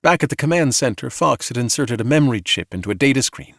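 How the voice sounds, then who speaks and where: A man narrating a calm bedtime sci-fi story in a slow, soothing manner. His intonation rises and falls in lively curves, and the recording is dry and close with no room sound. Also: medium pitch, creaky, dry recording. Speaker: audiobook narrator.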